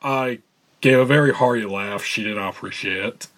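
A man's voice: on the low side, normal speed, fairly bright tone. A man speaking as a podcast guest in a casual chat, wry and joking. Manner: wry, joking, laughs along.

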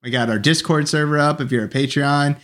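Relaxed chatty podcast co-host man. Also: a little high. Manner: relaxed and chatty, quick agreeing asides. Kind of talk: casual podcast chat.

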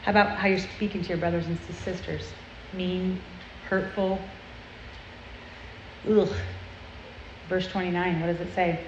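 A woman's voice: on the low side, flat delivery, a little slow, long pauses, slight background noise. Earnest woman preaching in a roomy hall. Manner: earnest, confessional, conversational, with tag questions. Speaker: speaker at a girls' church event. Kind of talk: sermon. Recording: roomy, muffled sound with faint ambience.

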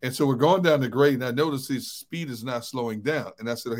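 A middle-aged man co-hosting a sports talk show, telling relaxed stories and chuckling often. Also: medium pitch, quick pace, few pauses. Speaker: sports radio co-host. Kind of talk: casual chat.

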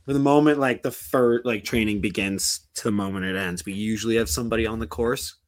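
A man's voice: fairly low pitch, brisk, dry recording. A man co-hosting a podcast, telling a long story in a casual, rambling way with lots of "like" and restarts. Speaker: podcast co-host.

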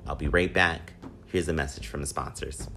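A man's voice: very deep voice, steady tone, moderate pace, creaky, sharp tone. A man hosting his own podcast in an upbeat, rambling, repetitive way, with a slightly whiny voice. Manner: upbeat, rambling, repeats himself with fillers. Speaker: podcast host. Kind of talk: casual solo podcast monologue. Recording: music playing under the voice. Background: guitar music.

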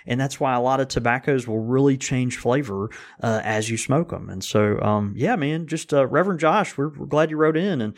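A man's voice: mid-range voice, normal speed, few pauses. A man co-hosting a podcast, explaining things in a casual, rambling way with many restarts. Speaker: podcast co-host, pipe tobacco blender. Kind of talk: casual chat.

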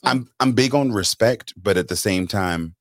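A man's voice: lowish voice, normal speed, dry recording, clean studio sound. A man co-hosting a casual discussion, talking in an emphatic, reflective way. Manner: emphatic, reflective, mimics voices. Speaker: co-host.

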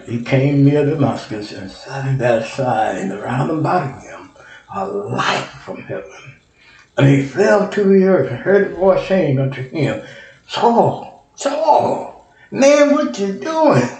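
A man's voice: fairly high pitch, a little mellow. A man preaching a sermon, reading scripture aloud and often repeating and correcting himself. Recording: echoey room.

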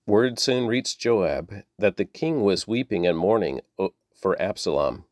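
A man reading scripture aloud in a steady, measured way. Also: low voice, no room sound, clean studio sound. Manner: steady, measured, with small slips. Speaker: Bible reader.

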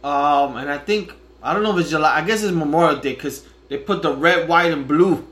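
A man's voice: a little high, a little fast, a bit bright. A man co-hosting a podcast, chatting easily and swearing casually. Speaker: podcast co-host. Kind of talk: casual chat.

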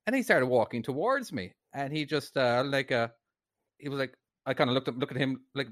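Animated Irish man telling a story. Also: medium pitch, fairly quick, no room sound, clean studio sound. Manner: animated anecdote teller, swears, laughs. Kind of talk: casual storytelling.

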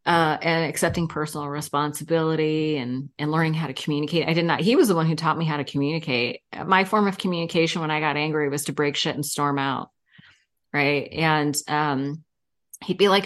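A woman in her fifties talks as a podcast guest, her voice sitting slightly low. She tells candid, animated stories and breaks into laughter often. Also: a little fast. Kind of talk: casual interview chat.

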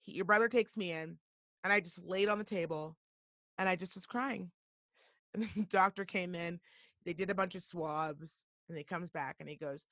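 A woman hosting a talk show, telling a story in a blunt, profane and animated way. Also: on the low side, moderate pace, no echo, studio quality. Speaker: podcast host. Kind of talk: casual storytelling.

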